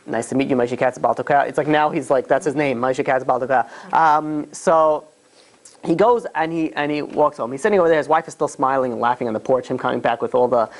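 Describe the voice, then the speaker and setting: Fast-talking rabbi telling a story. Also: male voice, medium pitch. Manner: rambling, many fillers, acts out quoted voices. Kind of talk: casual storytelling sermon.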